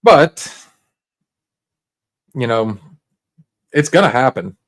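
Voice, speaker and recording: A man's voice: mid-range voice, very animated, very slow. A man hosting a casual livestream, talking straight to viewers in a laid-back, rambling way full of restarts and fillers. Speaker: livestream host.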